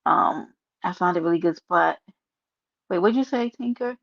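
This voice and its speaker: A woman's voice: on the low side, moderate pace, creaky. A woman with a New York accent hosting a casual livestream, chatting sassily and reading her chat aloud. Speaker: livestream host. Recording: dull lo-fi stream audio.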